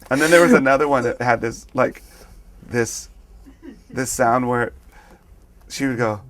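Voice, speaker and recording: A man's voice: mid-range voice, measured pace. A man being interviewed, telling funny stories and acting out the people he quotes. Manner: animated, acts out people he quotes. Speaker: interviewed musician. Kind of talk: casual interview storytelling. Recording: noisy background.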